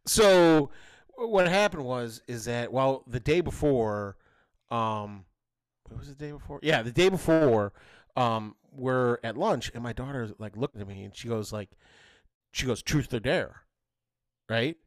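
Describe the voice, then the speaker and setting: A man in his thirties, a podcast co-host, telling a story in casual chat and jumping into high voices to quote his kids. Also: unhurried, no echo. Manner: animated, jumps to high voices when quoting his kids.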